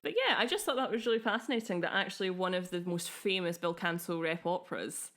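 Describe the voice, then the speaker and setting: A young woman co-hosting a casual podcast, her voice sitting a little low. She talks eagerly in an easy, chatty way and often breaks into laughter. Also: fast, a bit bright. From Scotland. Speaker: podcast co-host.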